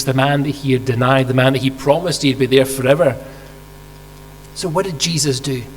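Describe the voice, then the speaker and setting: A man preaching a sermon, telling a story vividly and asking rhetorical questions, acting out quoted lines. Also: medium pitch. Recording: hall reverb with faint mains hum.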